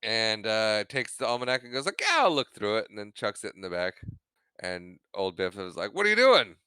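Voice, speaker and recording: A man with a bright, crisp, smooth voice recaps a film on a podcast, laughing often and slipping into quick acted-out lines of dialogue. The recording is dry and close to the mic, with no room sound. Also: fairly low pitch, dry recording. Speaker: podcast co-host. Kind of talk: casual movie recap chat.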